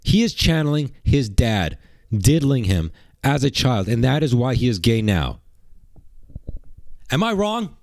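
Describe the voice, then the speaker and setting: A man's voice: medium pitch, sing-song, a little slow, pauses often, darkish tone, no echo. A man doing mocking livestream reaction commentary, rambling and sarcastic, repeating rhetorical questions.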